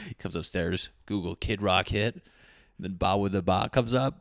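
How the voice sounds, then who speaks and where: This podcast host rants solo in a gravelly, expressive, fairly low voice, speaking a little quickly with no echo. He rambles, swears and jokes, slipping into comic voices.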